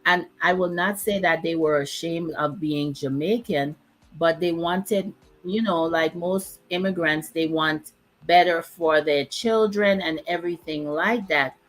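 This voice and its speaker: Slow-speaking woman, low voice. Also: faint music behind, low-quality recording. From Dominica. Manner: reflective, emphatic, speaks in short phrases. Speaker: host. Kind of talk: casual chat.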